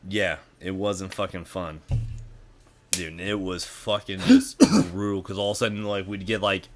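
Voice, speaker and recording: A young man with a deep, low-pitched voice chats casually and tells stories. He swears constantly and rambles, leaning on fillers like "like" and "you know.". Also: expressive, unhurried, over music. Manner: profane, rambling storytelling with many fillers. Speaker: podcast guest. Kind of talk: casual chat.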